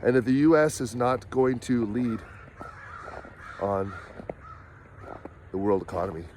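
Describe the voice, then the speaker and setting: A man impersonating a pompous, droning middle-aged male politician who makes slow, solemn, self-important pronouncements while he walks outdoors. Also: mid-range voice, lively intonation, darkish tone, slight background noise, close to an everyday voice. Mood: smug solemn. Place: outdoors in woods, walking.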